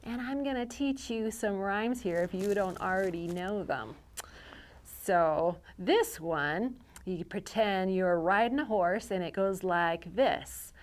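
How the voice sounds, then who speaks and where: A woman hosting a storytime for young children, reading picture books aloud with an expressive, animated delivery. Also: medium pitch, slow. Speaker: children's librarian.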